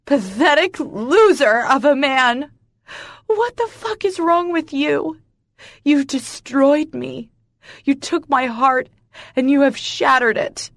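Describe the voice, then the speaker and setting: A betrayed young woman screams and spits her hurt, her voice cracking as it climbs high, as a woman plays her. The voice leaps up from a low, slow base. It is a dry, close audiobook recording. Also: dry recording. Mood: bitter.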